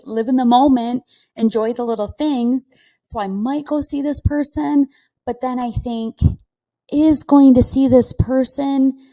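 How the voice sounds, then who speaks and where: A woman's voice: fairly high pitch, mellow. A woman hosting her own podcast, talking casually and reflectively to listeners, encouraging herself and laughing often. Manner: slow, reflective and self-encouraging, with frequent laughs. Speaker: podcast host. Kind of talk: casual solo podcast monologue.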